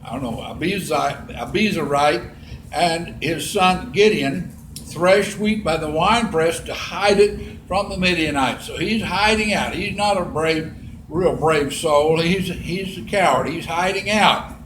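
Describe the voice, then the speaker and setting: A man preaching in a church sanctuary with a fairly high voice, folksy and chatty, reading scripture and then explaining it in plain words. The room has a noticeable echo, and a faint hum of ambience stays under his voice. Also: measured pace. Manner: folksy, reads scripture aloud and adds plain commentary. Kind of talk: sermon, Bible lesson.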